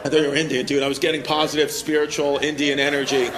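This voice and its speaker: Male comedian, high voice, teasing crowd work, live crowd laughing, noisy room. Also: flat delivery, fast. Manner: brash, teasing banter with the audience. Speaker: stand-up comedian. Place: comedy show venue with live audience.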